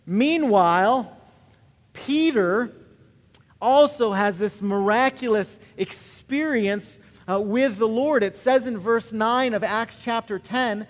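High-voiced preacher in an echoing hall. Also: male voice, slow. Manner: conversational, animated storytelling. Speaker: pastor. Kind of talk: sermon. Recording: long reverb of a large hall.

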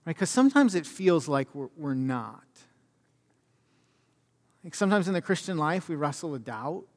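A man's voice: fairly high pitch, sing-song, moderate pace. A man giving a sermon as pastor, conversational and self-deprecating, full of fillers. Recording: long reverb of a church hall.

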